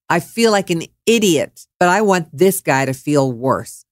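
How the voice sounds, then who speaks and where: A woman radio host rants on air with heated, mocking fury and swears freely. Her voice sits a little low, but she swings it up and down with lively force. The studio sound is close and dry. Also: moderate pace, hardly any pauses, dry recording. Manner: furious, profane, mocking. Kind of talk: angry on-air rant.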